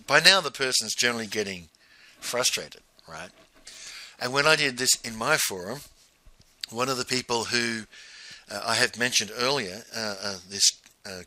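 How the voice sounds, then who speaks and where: Bright-voiced man teaching with chuckles. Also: fairly low pitch. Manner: chuckling, halting, frequent "right?" asides. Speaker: business coach. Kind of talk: spoken lesson with anecdotes.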